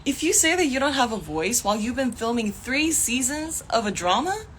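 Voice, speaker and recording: A woman's voice: sits high, very animated, moderate pace, a bit bright, a little hiss or hum. A young woman talking into her phone on a livestream, angry and heated, swearing often and laughing in frustration. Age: young adult. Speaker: actor streaming live. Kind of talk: casual livestream rant.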